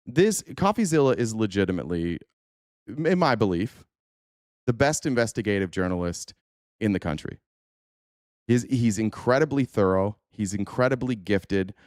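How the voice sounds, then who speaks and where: Male stream host, low clear voice, dry close sound, casual profane rambler. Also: expressive, moderate pace, darkish tone, no echo. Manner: profane, laughing, rambling with many fillers. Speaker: livestream host. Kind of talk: casual reaction commentary.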